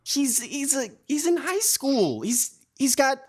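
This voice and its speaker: A worried middle-aged father pleads in a strained, halting voice, as a man puts him on. His voice is pitched above the speaker's own and keeps breaking into restarts. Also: big pitch swings, full character voice. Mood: pleading.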